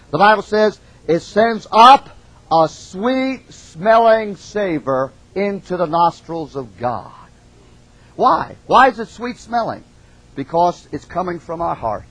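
A man's voice: high-pitched, a bit bright, slightly rough, no room sound, poor audio. A middle-aged man preaching a folksy, emphatic sermon, calling out amens. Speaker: pastor.

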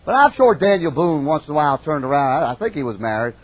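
A man's voice: on the high side, very animated, quick pace, dull audio. A middle-aged man preaching a folksy, emphatic sermon, calling out amens. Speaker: pastor.

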